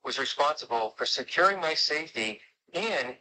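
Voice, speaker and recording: A man's voice: a little high, animated, moderate pace, bright, forceful tone, a little hiss or hum, rough recording. A man on a livestream, talking insistently and pleading to be heard. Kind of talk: heated call-in talk.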